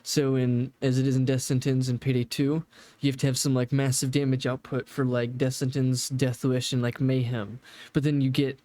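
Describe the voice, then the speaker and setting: A man's voice: medium pitch, flat delivery, normal speed, dark tone. A man casually reacting to a game developer video, rambling and swearing now and then as he explains game mechanics. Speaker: gaming reaction host.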